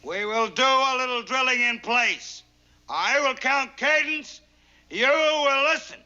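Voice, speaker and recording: An actor playing a stern, sarcastic Marine drill sergeant who barks orders and counts cadence, in a 1960s sitcom. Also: male voice, extremely high pitch, lively intonation, slow pace, bright, forceful tone, clear, resonant tone, heavily acted. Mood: barking. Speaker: drill instructor. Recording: dull old TV soundtrack.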